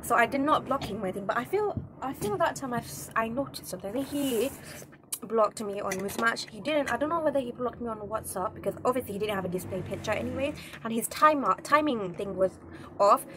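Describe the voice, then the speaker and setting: A woman's voice: on the high side, expressive, a little fast, noisy background. A young woman telling a story to camera in a casual vlog, indignant and rambling, with many restarts. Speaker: vlogger.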